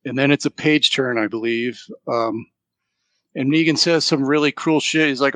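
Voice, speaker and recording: A man co-hosting a casual podcast chat, retelling a story with lively quoted lines and laughter. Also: mid-range voice, moderate pace, no room sound. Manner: animated retelling, quoting characters with laughs. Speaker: podcast co-host.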